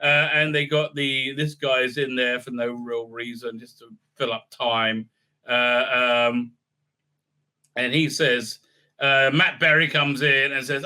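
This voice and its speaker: A man's voice: medium pitch, level tone, slow pace, sharp tone, smooth. A man giving a casual, mocking review, rambling with many fillers. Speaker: video reviewer.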